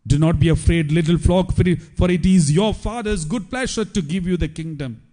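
High-voiced man preaching a sermon. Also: fairly quick, mellow. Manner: preaching with emphatic repetition. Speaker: priest.

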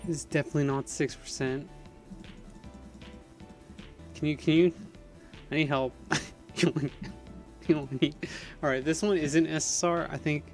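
Young man, game streamer, panicky, excitable, slightly high voice, faint background music. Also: moderate pace, long pauses. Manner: excitable, panicky, laughing often. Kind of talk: gaming livestream chat.

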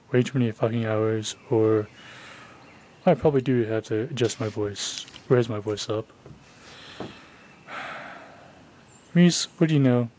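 Indoors at the family home, a young man films his cat on a handheld camera, chatting casually and coaxing it in a raised voice. His voice is mid-range and a little mellow, with a bit of hiss or hum on the recording.

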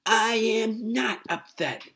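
A man doing a shrieking little girl in a tantrum. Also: measured pace. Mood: furious. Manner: shrill high yelling.

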